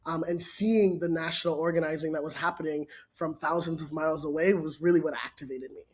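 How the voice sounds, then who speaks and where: A man's voice: on the high side, fairly even intonation, a little fast, darkish tone, breathy edge. A man from Minnesota speaking as a panelist and organizer, reflective and casual with frequent fillers.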